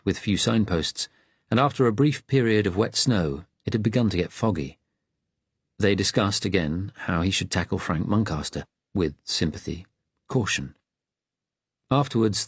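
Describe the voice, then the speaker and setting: A man narrates an audiobook in steady, measured tones, his voice low and husky. He reads close to a studio mic in a dry, dead space. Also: no echo. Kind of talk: scripted narration.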